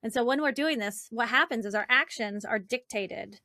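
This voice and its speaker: A woman relationship coach, a guest in an interview, talking in an animated, chatty way with lots of "like" and "right?". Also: on the high side, normal speed, no echo, clean studio sound. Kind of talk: conversational interview.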